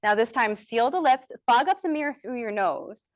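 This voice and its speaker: A woman's voice: on the high side, expressive, moderate pace, no room sound, lo-fi sound. A woman with an American accent teaching a yoga teacher training, chatty and encouraging, demonstrating breaths and cues aloud.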